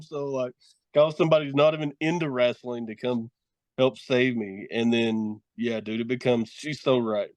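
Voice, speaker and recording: A middle-aged man spins long, profane stories in a loose podcast conversation, cursing freely and laughing between lines. His voice sits at an ordinary pitch and sounds dry and close, with no room around it. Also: fairly even intonation, moderate pace, no echo. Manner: profane, rambling storytelling with laughs. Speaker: guest, wrestler and horror host. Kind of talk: casual podcast chat.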